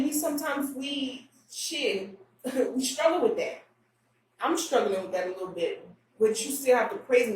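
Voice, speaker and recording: A woman guest speaking candidly and emotionally in an interview, halting and restarting often. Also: a little high. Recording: roomy echo, distant mic, faint room noise.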